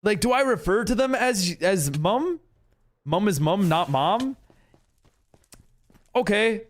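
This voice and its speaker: A man's voice: high-pitched, animated, takes it slowly, long pauses. An American man chatting casually on a live game stream, reading and answering his chat as he builds. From United States.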